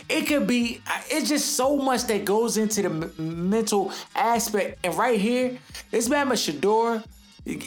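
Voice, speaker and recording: A man hosting a podcast, giving a casual, emphatic and rambling sports commentary, forever calling the listener dog and bro. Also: sits high. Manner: rambling, with many restarts. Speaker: podcast host.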